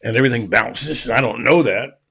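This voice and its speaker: A man hosts a sports talk show at an even middle pitch. He rambles in a folksy, self-deprecating way and then circles back to his point. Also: normal speed, slightly rough. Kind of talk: casual radio sports talk.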